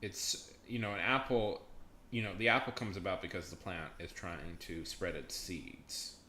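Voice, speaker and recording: A man's voice: sits low, fairly even intonation, moderate pace, sharp tone, slight background noise. A man chatting casually on a live stream, rambling and joking, often laughing and trailing off mid-thought. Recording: echoey room with faint ambience.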